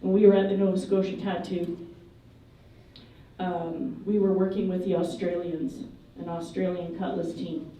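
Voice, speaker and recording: Mellow-voiced woman telling stories in an echoey hall. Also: lowish voice, moderate pace, recorded from a distance. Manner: lively, humorous storytelling. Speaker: eulogy speaker. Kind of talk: anecdotal memorial eulogy. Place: memorial service hall.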